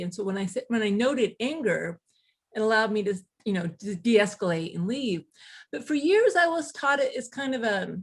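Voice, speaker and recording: A woman guest author telling stories in casual conversation, animated, with quick asides and laughter. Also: on the high side.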